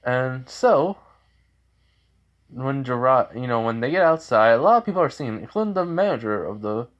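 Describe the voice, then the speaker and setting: A man's voice: medium pitch, expressive, normal speed, highs cut off. A man casually improvising a story aloud, rambling with frequent fillers and self-corrections.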